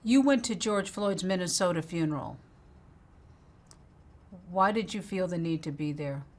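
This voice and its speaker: A female news correspondent asking an interviewee questions in a measured, gentle way. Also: lowish voice.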